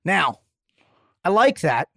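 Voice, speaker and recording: A man co-hosting a podcast, joking and animated in casual banter, now and then swearing. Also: high-pitched, slow, gravelly, no echo, studio quality. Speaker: podcast co-host.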